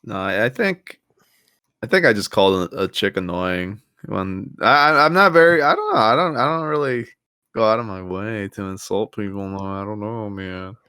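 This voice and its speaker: A man's voice: on the low side, normal speed, clean tone, no room sound, studio quality. A young man co-hosting a podcast, rambling through stories in casual chat. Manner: rambling storyteller, acts out loud quoted shouts. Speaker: podcast co-host.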